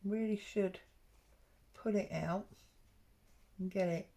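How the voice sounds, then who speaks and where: A woman's voice: mid-range voice, steady tone, slow pace, gravelly, mellow. A woman talking casually and rambling as she works on an embroidery project, with plenty of ums. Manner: rambling and chatty, with frequent ums. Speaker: craft vlogger. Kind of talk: casual stitch-along chat.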